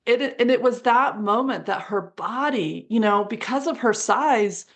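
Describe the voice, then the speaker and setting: A woman's voice: fairly high pitch, a little slow. A woman guest in an interview, telling a story animatedly and acting out the dialogue. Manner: animated, acts out quoted dialogue with laughs.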